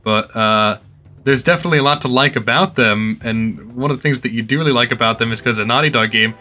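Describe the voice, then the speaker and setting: A man co-hosting a casual podcast, dry and a little hesitant, with a wry edge. His voice is bright and forceful, with faint music playing underneath. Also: mid-range voice, quick pace. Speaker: podcast co-host.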